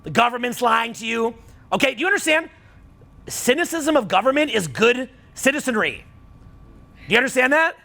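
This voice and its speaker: Man, middle-aged, seminar coach; blunt, profane, prone to heated outbursts; high voice. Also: animated, normal speed, vocal fry, long pauses, bright, forceful tone. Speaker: dating and social skills coach. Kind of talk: seminar talk to a live audience.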